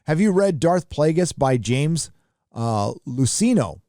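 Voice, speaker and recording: A male livestream host reading out viewer donations and messages, adding quick casual asides. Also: a little high, big pitch swings, warm tone, dry recording, studio quality. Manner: reads donor messages aloud with quick asides.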